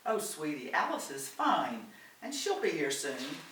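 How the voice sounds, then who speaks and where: A man's voice: on the high side, sing-song, a little slow, bright, forceful tone, full character voice. A man reading as a soothing, loyal companion woman. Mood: reassuring. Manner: soothing, affectionate. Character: calm reassuring woman, loyal travel companion. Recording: roomy, distant, faint hiss.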